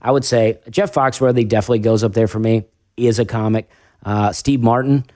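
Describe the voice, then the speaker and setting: A man's voice: medium pitch, fairly even intonation, a little fast, darkish tone, no echo, clean studio sound. A man with a faint Southern accent, a stand-up comedian talking casually on a podcast, rambling and self-deprecating with lots of restarts. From American South.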